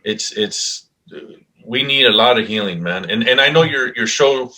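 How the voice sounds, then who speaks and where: A man hosting an interview, speaking reflectively and haltingly, with many pauses and fillers. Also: mid-range voice, sharp tone. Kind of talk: interview chat.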